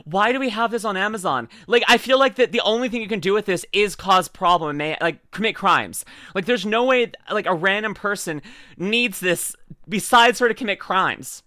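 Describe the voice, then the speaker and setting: A woman's voice: mid-range voice, normal speed, bright, forceful tone, no room sound, clean studio sound. A woman streamer giving casual, bubbly reaction commentary, chatty with many fillers. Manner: bubbly, silly, lots of fillers and put-on voices.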